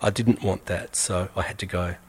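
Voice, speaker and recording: Brief: man, fairly deep voice, earnest measured storytelling read aloud. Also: steady tone, slightly rough. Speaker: reader. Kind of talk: reading a first-person story aloud.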